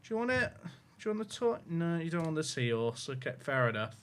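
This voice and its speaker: A man's voice: on the high side, very animated, fast talker, clean tone. A man on a headset mic, talking to his livestream chat while cooing to his dog in baby talk. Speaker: game streamer.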